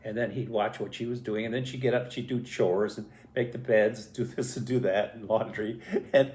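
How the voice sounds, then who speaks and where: An older man telling a family story in a casual, animated way, acting out voices and sounds as he goes. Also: lowish voice, moderate pace. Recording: roomy echo.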